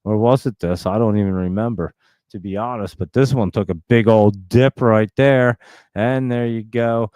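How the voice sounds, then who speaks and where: A man hosting a live stock-market stream, talking very fast in a chatty, rambling way and laughing often. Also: on the low side, warm tone, smooth, no echo. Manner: talks extremely fast and nonstop. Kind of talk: casual live-stream chat.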